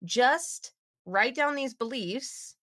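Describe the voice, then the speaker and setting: A woman in her thirties telling a story as a podcast guest, lively and animated, with her voice leaping up as she acts out what was said. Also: drawn-out words, dry recording, clean studio sound. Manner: animated, acts out quotes with big pitch jumps. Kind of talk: casual interview storytelling.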